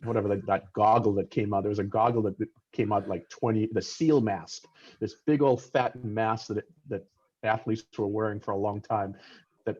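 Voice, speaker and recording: Lower-pitched male swim coach over a dull, lo-fi video call, explaining patiently with lots of ums. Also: steady tone, a little mellow, breathy edge. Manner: explanatory, halting with many fillers. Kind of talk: podcast explanation.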